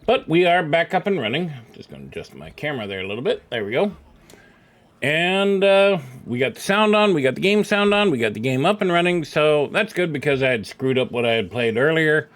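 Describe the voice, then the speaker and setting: A man's voice: a little high, sing-song, brisk, a bit bright. A middle-aged man streaming a video game, chatty and self-deprecating as he talks into a desk microphone at home. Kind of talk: casual live-stream commentary.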